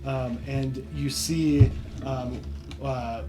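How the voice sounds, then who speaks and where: A man narrating a tabletop game as game master, halting with many fillers and restarts. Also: medium pitch, steady tone, dark tone.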